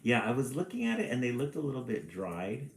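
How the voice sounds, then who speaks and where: A man reading a children's storybook on a live stream and chatting with viewers in a relaxed, chatty way. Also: mid-range voice, reverberant, slight background noise, rough recording. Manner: slow, relaxed, chatty with small laughs.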